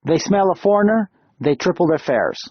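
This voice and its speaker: A man's voice: sits high, animated, moderate pace, slightly rough, no room sound, highs cut off, voice pushed up. A man doing an affable, apologetic lawyer. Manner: chatty, apologetic, laughing. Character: chubby affable middle-aged male lawyer, apologetic.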